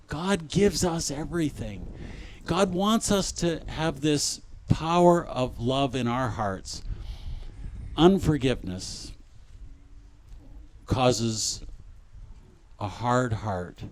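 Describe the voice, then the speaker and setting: Slow, gentle male spiritual speaker. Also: on the high side, slight background noise. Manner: gentle, reflective, repeats phrases. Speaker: conference speaker. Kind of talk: spiritual talk on forgiveness.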